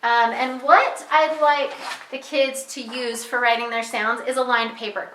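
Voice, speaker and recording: A young woman teacher speaks patiently and clearly, walking parents through a reading lesson and slowing down to model each sound. Her voice is bright and a little high. The room gives it a noticeable echo. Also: fairly even intonation, slight background noise. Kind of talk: instructional walkthrough for parents.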